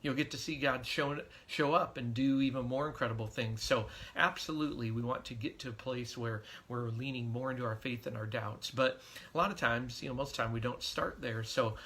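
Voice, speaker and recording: A man's voice: medium pitch, fairly quick, sharp tone. A middle-aged man, a pastor, giving a devotional sermon in an earnest, conversational storytelling way.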